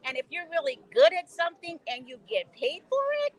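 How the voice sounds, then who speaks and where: A woman's voice: high voice, fairly quick, poor audio. A woman in her sixties, a guest educator telling stories on a talk show, emphatic and quoting her own dialogue. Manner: animated, emphatic, quotes herself in dialogue. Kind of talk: conversational storytelling on a talk show.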